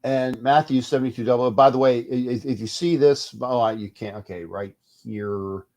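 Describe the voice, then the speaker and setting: A middle-aged man hosting a casual fan live stream, rambling and animated, reading viewer comments aloud between restarts. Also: medium pitch, normal speed. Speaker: host of a fan live show.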